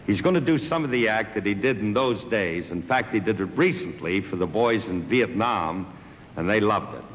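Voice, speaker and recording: A man's voice: lowish voice, lively intonation, normal speed, a little hiss or hum. A male host giving a build-up introduction to a guest on a theater stage. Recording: reverberant 1960s TV theater.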